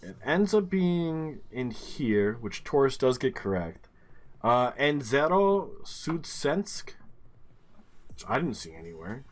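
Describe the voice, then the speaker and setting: Slow-talking man puzzling aloud over a game. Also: medium pitch, very animated, soft background music. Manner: muttering, puzzling things out, casual swearing. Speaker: gaming streamer. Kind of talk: thinking-aloud game commentary.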